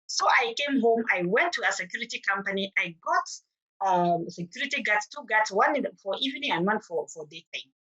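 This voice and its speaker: A woman's voice: mid-range voice, expressive, brisk, pushed and bright, slightly rough, lo-fi sound. A middle-aged woman with a Kenyan accent, earnestly telling her own story as a mother at a forum and acting out the exchanges she recalls. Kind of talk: personal testimony at a forum.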